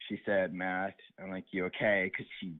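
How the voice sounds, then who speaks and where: A man's voice: sits low, level tone, normal speed. A teenage boy calling in to a show, hesitantly retelling a story about a girl with lots of fillers. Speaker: caller. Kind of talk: rambling phone story. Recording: tinny phone line.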